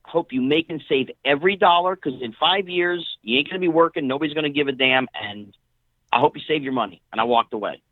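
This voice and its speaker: A middle-aged man, a guest on an interview show, telling casual stories in an animated way and acting out what other people said. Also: fairly high pitch, fast talker, no room sound. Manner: animated storyteller who acts out quoted dialogue. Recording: tinny phone-line audio, dry.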